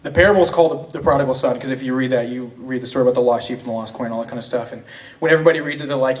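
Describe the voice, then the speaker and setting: A man's voice: medium pitch, racing, hardly any pauses. A young man preaching a sermon in a casual, slangy way, retelling a story with frequent restarts in a church. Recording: voice from a distance.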